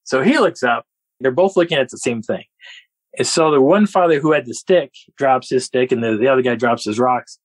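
A man guest on a podcast, telling a story in an animated way and laughing often. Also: mid-range voice, brisk, breathy edge, dry recording, low-quality recording. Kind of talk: storytelling an encounter.

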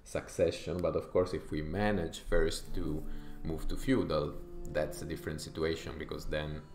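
A man's voice: rumbling low, little pitch movement, moderate pace, a little mellow, echoey room, faint music behind. A man from Italy with an Italian accent, thinking aloud with frequent fillers as he comments on his strategy game playthrough. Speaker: gaming YouTuber.

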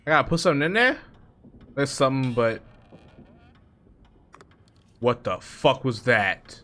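A man's voice: medium pitch, sing-song, unhurried, fairly bright tone. A man commentating a horror game playthrough, cursing, joking and talking back to the game. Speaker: gaming streamer. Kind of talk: let's play commentary.

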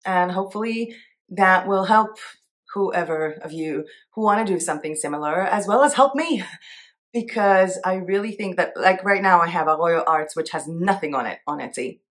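A woman talks her way through a screen-share in an easy, conversational tone. Her voice sits a little low, and she thinks out loud as she goes, often slipping into small giggles. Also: normal speed. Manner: chatty, thinks aloud, giggles easily. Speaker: Etsy seller and art vlogger. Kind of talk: casual screen-share commentary.

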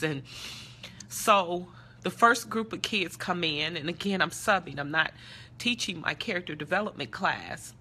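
A middle-aged woman tells a story live over her phone with passion and earnest feeling. Her voice is bright and clear. A faint hiss of noise sits under it. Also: fairly low pitch, a little slow. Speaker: character development teacher and speaker. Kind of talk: live social media talk.

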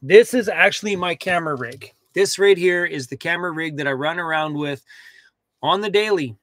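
A young man chatting casually to viewers from inside his van, lively and talkative, fussing over his dog. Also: on the high side, moderate pace. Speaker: van life vlogger. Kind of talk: casual livestream chat.

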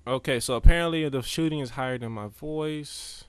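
A man's voice: medium pitch, moderate pace, clear, resonant tone, dry recording. A man giving casual, chatty commentary while streaming a video game, talking to his chat and to the characters on screen. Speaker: gameplay streamer. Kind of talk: casual live gameplay commentary.

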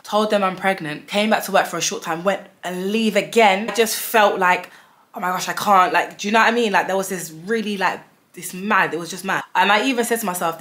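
A woman in her thirties tells a story to her vlog audience with animated, dramatic energy. Her voice sits a little low, and she keeps dropping casual fillers as she goes. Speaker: vlogger.

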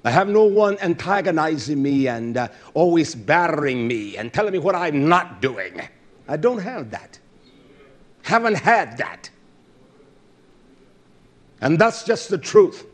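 A man preaching a fervent, scolding sermon, swinging between loud bursts and low murmurs and calling out hallelujah. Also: very animated, measured pace, long pauses.

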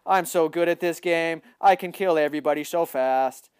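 A man giving excitable live gameplay commentary, boasting, repeating himself and bursting into loud yelling. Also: fairly high pitch, moderate pace, smooth, no echo, studio quality. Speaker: gaming livestreamer.

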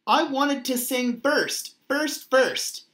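A woman reading the part of an excitable, touchy young woman singer who shouts and sulks, in a storybook. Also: mid-range voice, natural voice. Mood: angry. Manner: fussy, quick to shout and sulk. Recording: echoey room.

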